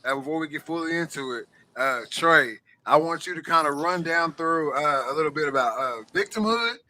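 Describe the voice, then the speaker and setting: Podcast host guy, bright punchy voice, kinda stop-start, lots of "you know". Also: on the high side. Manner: halting, repeats words, leans on "you know". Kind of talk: casual chat.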